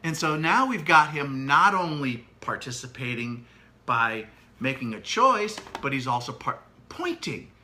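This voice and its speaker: A middle-aged man co-hosting a casual parenting chat, animated and demonstrative as he explains. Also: medium pitch, a little slow, a little hiss or hum. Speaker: co-host, parent.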